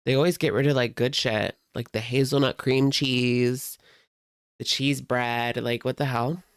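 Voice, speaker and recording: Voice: mid-range voice, fairly even intonation, a little slow, clear, resonant tone, dry recording, studio quality. A commentary host in casual chat, sarcastic and exasperated, reacting to clips.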